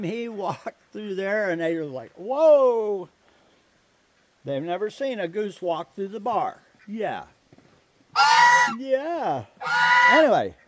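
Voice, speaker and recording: A man chatting casually to his viewers and coaxing his pet goose along in a gentle way. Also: high-pitched, a little hiss or hum. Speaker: vlogger and pet goose owner. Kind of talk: casual chat to camera and pets.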